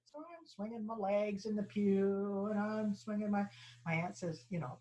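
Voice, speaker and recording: Woman lecturer, mid-pitched, animated storyteller who stumbles and restarts, acts out quoted people. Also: poor audio. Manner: halting restarts and repeated phrases. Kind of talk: personal story told in a lecture.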